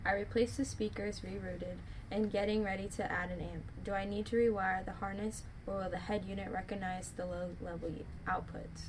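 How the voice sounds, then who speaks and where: A woman with a mid-pitched voice co-hosts a live stream and reads out viewer questions. She reads quickly and sometimes trips over words. Faint room noise sits behind her voice. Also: little pitch movement. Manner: reads quickly, stumbles and restarts. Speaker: co-host reading viewer questions.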